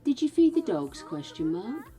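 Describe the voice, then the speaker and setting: A woman's voice: medium pitch, sing-song, normal speed. A British woman streaming gameplay in casual chat, cooing fondly at her dog and laughing often.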